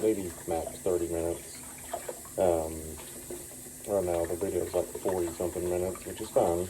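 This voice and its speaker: A man's voice: low voice, warm tone, a little hiss or hum, rough recording. A young man, a farm vlogger and teacher, talking casually to the camera in an easygoing, rambling way with plenty of ums. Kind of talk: casual vlog talk to camera.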